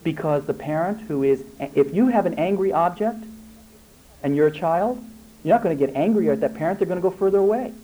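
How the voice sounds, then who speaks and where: A man with a fairly high but mellow voice and a soft lilt, talking as a family therapist in front of parents. He speaks in an animated way and acts out little exchanges between parents and children to make his points. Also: a little fast, rough recording. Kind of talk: workshop talk with audience questions.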